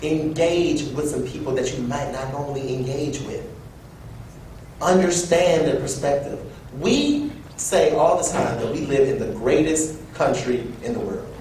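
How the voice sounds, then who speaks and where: A young man giving a personal storytelling speech at an event, animated and acting out quoted voices. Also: a little slow. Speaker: event speaker. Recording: echoey room from far off with low rumble.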